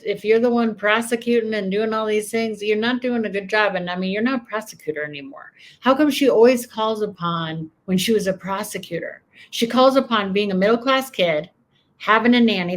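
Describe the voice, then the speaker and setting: A woman commentator talking back to video clips with sarcasm. She sits at a middle pitch and gets heated, firing off pointed questions. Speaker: political commentator reacting to clips. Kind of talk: casual reaction commentary.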